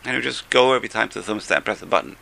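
A man with a lowish, gravelly voice and a very bright, forward tone gives an informal religious talk. He seems to be a rabbi teaching a class. He tells stories in a chatty way, repeats his key phrases and chuckles between points. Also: rapid-fire.

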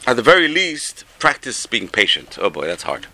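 A man's voice: medium pitch, big pitch swings, normal speed, sharp tone, poor audio. A man, teaching a Torah class, who repeats key phrases for emphasis and tells jokes along the way. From England.

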